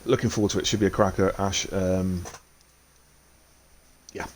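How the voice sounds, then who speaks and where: A man with a fairly low voice hosts a live sim racing stream. He talks in a loose, laddish way and reads out messages from the chat between race notes. A faint background hiss sits under his voice. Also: flat delivery, moderate pace, darkish tone. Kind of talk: casual live commentary.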